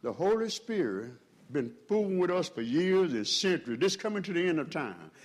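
A man preaching a sermon as pastor, swelling in pitch and volume and calling out to his congregation. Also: big pitch swings, moderate pace.

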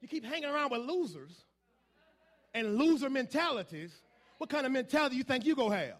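High-pitched male preacher, call-and-response sermon, swings from low murmurs to shouting. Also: sing-song, fairly quick.

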